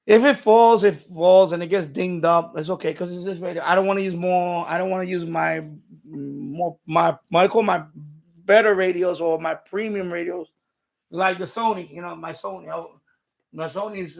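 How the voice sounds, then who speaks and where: Guy on a live stream rambling on, kinda high voice with a gravelly edge, keeps restarting sentences. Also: fairly even intonation, normal speed. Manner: rambling, repeats himself, frequent restarts. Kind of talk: casual live-stream chat.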